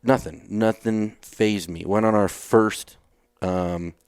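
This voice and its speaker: A retired Navy SEAL from Texas, speaking slowly in a smooth, slightly mellow voice on the low side, keeps a steady tone as a podcast guest. In this casual storytelling interview he's blunt, swears casually and acts out his past lines; the studio-quality audio has no room sound.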